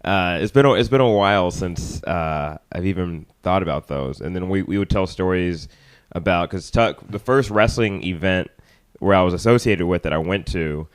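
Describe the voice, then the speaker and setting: A man chatting as a podcast guest, halting with fillers and restarts. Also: sits low, smooth. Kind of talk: casual podcast chat.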